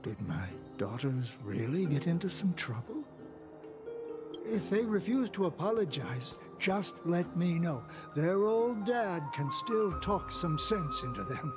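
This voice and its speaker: An actor playing an aging, doting father with a gentle old-man manner in game dialogue, clear game music underneath. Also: high voice, wildly swooping pitch, measured pace, exaggerated voice. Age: older.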